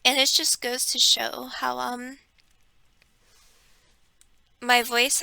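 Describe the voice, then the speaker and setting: Slow, breathy woman with a gravelly edge. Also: a little high, flat delivery, dry recording. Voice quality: airy, breathy. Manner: soft, halting, drifts into whispers. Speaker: content creator. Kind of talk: casual personal talk.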